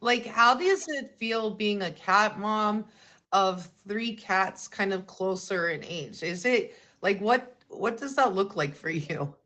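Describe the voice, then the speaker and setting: A woman's voice: mid-range voice, takes it slowly, sharp tone. A woman interviewing casually on a video call, upbeat and encouraging, often saying "you know".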